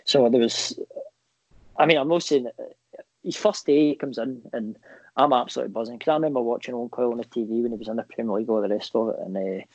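A man's voice: mid-range voice, fast talker, no echo. A young Scottish man, a footballer, telling stories in a casual interview, swearing freely and acting out what people said. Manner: animated, swears freely, acts out quoted dialogue. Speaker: footballer guest. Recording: dull lo-fi dry sound.

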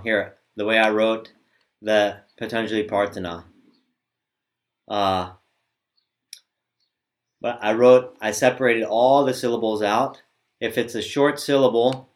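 Man, lowish voice, patient teacher, pronunciation lesson, halting delivery. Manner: patient, hesitant, demonstrates sounds aloud. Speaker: Sanskrit recitation teacher.

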